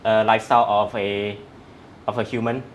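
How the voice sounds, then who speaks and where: A man's voice: lowish voice, flat delivery, moderate pace, highs cut off, slight background noise. A man, a strength coach, explaining in an interview in a methodical, step-by-step way. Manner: methodical, breaks facts down step by step.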